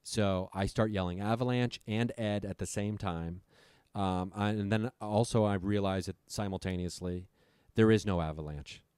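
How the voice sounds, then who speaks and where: Deep-voiced guy swearing his way through a story on a podcast, dry close mic. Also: normal speed, a little mellow, clean tone, no echo. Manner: profane, breathless retelling. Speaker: podcast guest.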